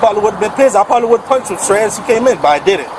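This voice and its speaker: A man's voice: high-pitched, expressive, rapid-fire. A man outdoors at a pharmacy drive-thru, defensively giving police his side, swearing and rambling, caught on a body camera. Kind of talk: heated account to police. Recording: bodycam audio with street noise. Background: cars and traffic.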